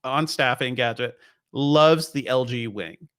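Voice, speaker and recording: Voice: medium pitch, unhurried, fairly bright tone, clear, resonant tone. A tech podcast co-host in casual chat, bantering and laughing often.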